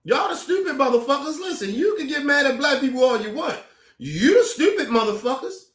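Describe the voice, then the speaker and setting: The commentator's strikingly high, slightly bright voice comes across animated and a little fast as he angrily curses at the camera. He trips over his words and says them again. Echoes fill the room.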